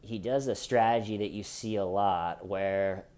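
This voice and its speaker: A man's voice: lowish voice, a little slow, a little mellow. Sarcastic man hosting casual commentary. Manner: sarcastic, mocking. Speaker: host.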